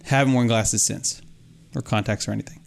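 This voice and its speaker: A man's voice: lowish voice, steady tone, a little fast, vocal fry, slight background noise. A man co-hosting a casual chat, telling a rambling story full of restarts and acted-out quotes. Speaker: podcast co-host.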